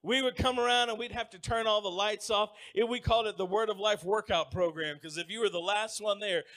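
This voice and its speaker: A man's voice: sits high, brisk. A man preaching a sermon, telling folksy stories and calling on the congregation to answer back. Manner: lively preaching with call-and-response; folksy storytelling. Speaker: pastor.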